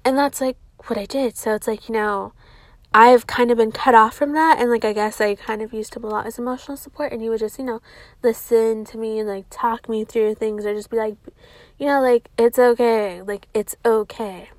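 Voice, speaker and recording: A woman's voice: fairly high pitch, fairly even intonation, moderate pace, no room sound. Rambling, profane young woman, dry close mic. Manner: rambling, profane, heavy use of "like". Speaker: vlogger. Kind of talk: casual confessional storytelling.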